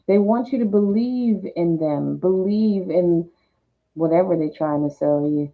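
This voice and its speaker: A woman's voice: fairly low pitch, unhurried. A woman reading tarot, voicing the cards' messages in first person and then explaining them. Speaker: tarot reader. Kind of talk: channeling tarot card messages. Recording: tinny phone-like sound.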